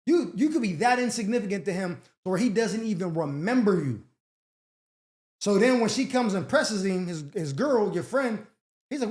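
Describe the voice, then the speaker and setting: A man's voice: high voice, expressive, moderate pace, a little mellow. Blunt, slangy male advice host. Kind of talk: casual advice commentary. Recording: roomy echo.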